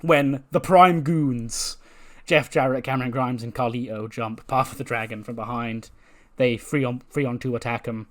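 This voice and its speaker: A man's voice: mid-range voice, normal speed. Laid-back guy recapping a game. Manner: relaxed, rambling, loose slang. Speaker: let's-play host. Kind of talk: casual game recap narration.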